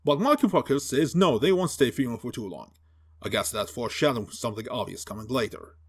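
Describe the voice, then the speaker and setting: A man's voice: mid-range voice, animated, fast, breathy edge. A man giving a sarcastic, profane film review rant, mocking and exasperated as he picks apart the plot. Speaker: movie reviewer.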